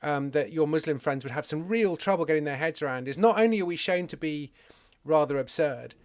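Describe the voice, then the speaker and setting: Chatty man with a slightly high voice. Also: lively intonation, brisk. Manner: thinking aloud with frequent restarts, playful. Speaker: podcast host. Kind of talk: casual conversation about comedy and faith.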